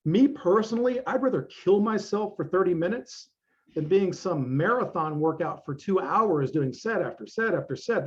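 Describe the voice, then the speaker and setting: A man's voice: fairly high pitch, a little mellow, dull audio. Blunt, swearing middle-aged male coach. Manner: blunt, profane, emphatic. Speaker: fitness coach guest. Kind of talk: casual interview talk.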